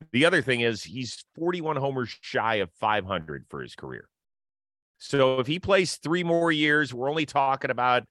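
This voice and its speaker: A man's voice: mid-range voice, fairly bright tone, no room sound. A man hosting a sports podcast, talking casually and upbeat, often laughing as he chats. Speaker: podcast host.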